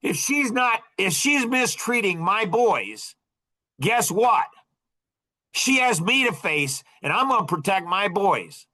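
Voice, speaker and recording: A man's voice: high-pitched, sing-song, takes it slowly, bright, forceful tone. A middle-aged man hosting a podcast, talking in an impassioned, repetitive monologue and breaking into short laughs. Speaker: podcast host.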